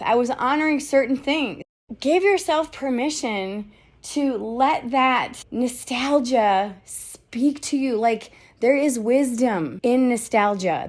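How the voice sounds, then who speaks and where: A middle-aged woman hosting a motivational podcast, talking candidly and emphatically, firing off rhetorical questions and swearing freely. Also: fairly high pitch. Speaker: podcast host.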